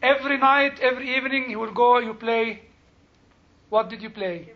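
A man's voice: extremely high pitch, steady tone, moderate pace, highs cut off. A man speaking as a rabbi to a group, chatty and joking, often asking the audience questions. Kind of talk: informal talk with jokes.

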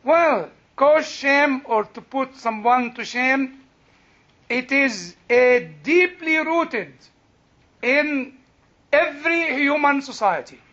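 High-voiced older Egyptian man teaching. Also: animated, takes it slowly, sharp tone. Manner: chatty, laughs often, many restarts. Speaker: Bible teacher. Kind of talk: sermon with storytelling. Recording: dull lo-fi recording.

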